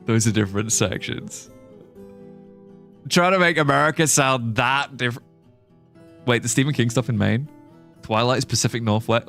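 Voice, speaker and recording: A man's voice: medium pitch, creaky, fairly bright tone. A man with a British accent, born in Singapore, chatting playfully and joking with viewers while playing a game on a livestream. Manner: playful, jokey, muses aloud, drops into mock accents. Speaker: streamer. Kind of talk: casual livestream chat while gaming.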